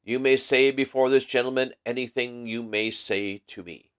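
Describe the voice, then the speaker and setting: A man voicing a sharp, cool-headed detective who speaks in a dry, assured way. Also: mid-range voice, steady tone, moderate pace, clean tone, close to an everyday voice.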